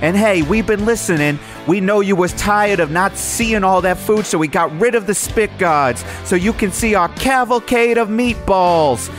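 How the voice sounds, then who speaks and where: A man's voice: high voice, normal speed, few pauses, faint music behind, voice pushed up, close to an everyday voice. A man reading a brash radio ad for a bar and buffet as a pushy hard-sell announcer, half singing some lines.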